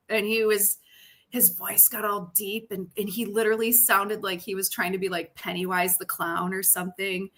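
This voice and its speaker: A woman's voice: mid-range voice, fairly even intonation, normal speed, a bit bright. A woman co-hosting a livestream in casual chat, telling a rambling story full of fillers. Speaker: livestream co-host.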